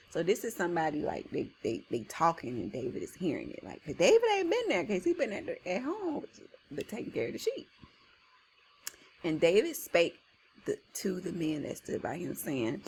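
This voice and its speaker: A woman teacher reading a story aloud to students, with animated, slangy asides between soft read passages. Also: lowish voice, normal speed, vocal fry, a little hiss or hum.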